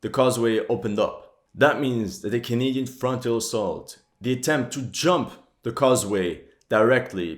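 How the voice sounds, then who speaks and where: A man hosting a history channel, giving movie reaction commentary with critical, exasperated outbursts. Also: fairly low pitch. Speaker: history channel host reacting to a war film. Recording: roomy echo.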